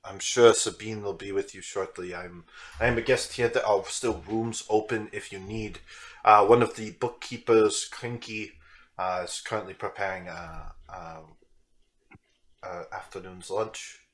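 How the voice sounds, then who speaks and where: Hesitant polite guest, voiced by a man, low-key and lower pitched, slow with fillers. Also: steady tone, close to an everyday voice. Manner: hesitant, halting with many fillers.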